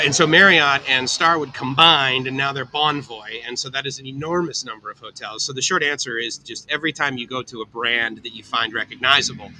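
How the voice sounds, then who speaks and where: This livestream host has a medium-pitched voice that sounds pushed and bright, and the audio is poor with a bit of hiss or hum. Sitting at an outdoor cafe on a tropical island, he reads viewer comments aloud and answers them by name in a casual, upbeat way.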